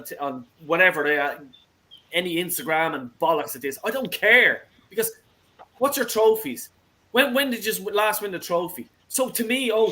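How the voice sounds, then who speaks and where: A man's voice: sits high, pushed and bright, rough recording. A man hosting a football fan call-in show, ranting heatedly with constant swearing.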